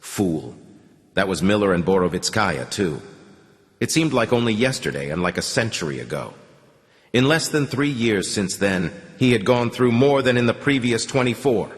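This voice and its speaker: A man narrating a novel as an audiobook in a measured, steady storytelling voice. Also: on the low side, long reverb tail.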